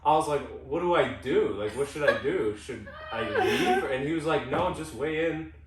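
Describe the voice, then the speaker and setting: A man's voice: a little high, brisk, background noise. Brief: young man, casual storyteller, self-interrupting and profane, distant mic, roomy echo. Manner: rambling, self-interrupting, swearing freely. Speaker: podcast co-host.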